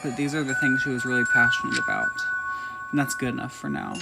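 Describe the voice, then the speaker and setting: A man's voice: mid-range voice, steady tone, fast talker, vocal fry. A man hosting a let's play, reading game dialogue aloud with sarcastic asides. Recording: loud game music behind voice.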